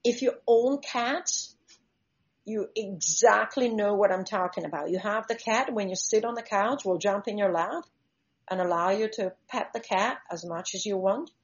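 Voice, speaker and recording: A woman's voice: mid-range voice, moderate pace. A woman, a shark diver and conservationist, telling stories in an interview and acting out vivid examples as she explains. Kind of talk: conversational interview storytelling. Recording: slightly dull lo-fi recording.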